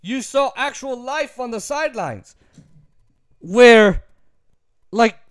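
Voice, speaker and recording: High, animated man ranting about football. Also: slow, clean tone, no echo, clean studio sound. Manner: emphatic, repetitive, laughs easily. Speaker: sports commentator. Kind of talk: opinionated sports talk rant.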